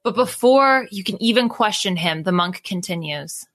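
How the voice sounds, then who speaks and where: A woman host reading an adventure gamebook aloud to her friends in steady narration. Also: mid-range voice, moderate pace, no room sound.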